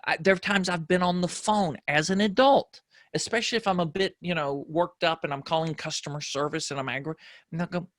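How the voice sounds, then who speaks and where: A man whose voice sits higher than most men's, telling stories in a reflective, casual conversation as a podcast guest. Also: fairly quick, a bit bright, no room sound, studio quality. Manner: reflective storyteller.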